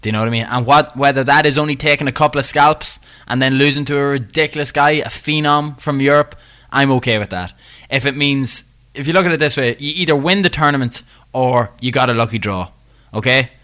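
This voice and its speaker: A man's voice: mid-range voice, brisk, hardly any pauses, bright, forceful tone. A young Irish man co-hosting a podcast, chatty and jokey, talking himself up. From Ireland. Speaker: podcast co-host. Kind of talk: casual podcast chat.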